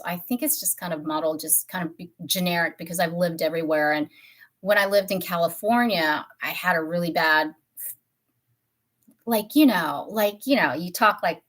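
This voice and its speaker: A woman in her fifties from Tennessee, USA, hosts a casual beauty livestream, her voice fairly low and a bit bright. She rambles as she chats and often corrects herself mid-sentence.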